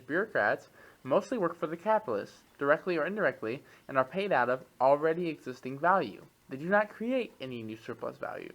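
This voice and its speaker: A man's voice: medium pitch, fairly bright tone, rough recording. Male reader in a discussion group, mid-range voice, reads steadily and then drops into loose, thinking-aloud commentary. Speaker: reading group member. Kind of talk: reading aloud and discussing a text.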